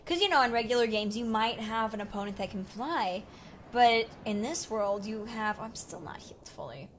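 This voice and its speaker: A young woman chats through a survival game in a lively, swooping voice pitched a little high. She jumps between muttered asides and sudden excited yelps, with faint background hiss on her desktop mic. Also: fairly quick. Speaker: gaming channel host. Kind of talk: casual let's play commentary.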